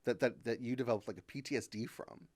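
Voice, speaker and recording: A woman from Kentucky, a comedian and writer, talking as a podcast guest in casual chat. She is animated and self-deprecating, laughs often, and uses many fillers. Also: very deep voice, quick pace, no echo. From Kentucky, USA. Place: podcast studio.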